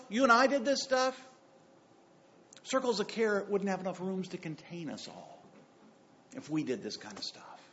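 A male pastor preaching a sermon, swinging between hushed lines and loud bursts and acting out the quotes. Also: high voice. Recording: dull lo-fi sound.

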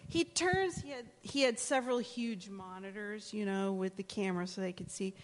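A woman sharing a testimony at church, telling the story in a lively way and acting out other people's voices. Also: mid-range voice, moderate pace, in a large hall.

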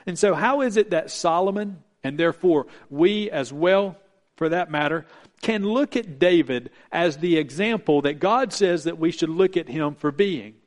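A man preaching a sermon as pastor, earnest and measured, slowing down to stress key points. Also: fairly high pitch, animated. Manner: earnest preaching with emphatic slowdowns.

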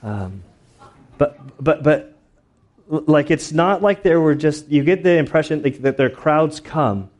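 A man's voice: fairly high pitch, expressive, measured pace, darkish tone. A man preaching a sermon as pastor, telling stories in a loose, conversational way with plenty of filler words. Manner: conversational storytelling with many fillers.

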